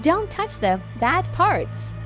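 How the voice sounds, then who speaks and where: A calm, steady soldier talks slowly and evenly, as a woman reads him. The voice is high and lively, with faint music in the background. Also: full character voice. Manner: calm slow reassuring delivery. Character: calm steady male soldier, older buddy.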